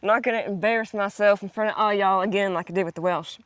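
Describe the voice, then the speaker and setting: A woman's voice: medium pitch, fairly even intonation, fast talker, clear, resonant tone, no room sound. A woman chatting casually on her farm vlog, giggly and self-mocking as she talks to viewers. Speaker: farm vlogger. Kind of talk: casual chat.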